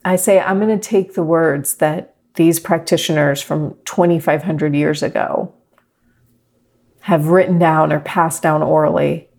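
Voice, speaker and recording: A middle-aged woman teaching a meditation class, talking gently and reflectively to her students. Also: sits low, fairly even intonation, a little slow. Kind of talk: guided meditation talk.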